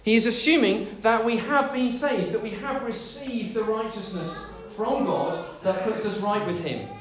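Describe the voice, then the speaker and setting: A man's voice: sits high, a little slow, echoey room. A man preaching a sermon, telling a story with light humor.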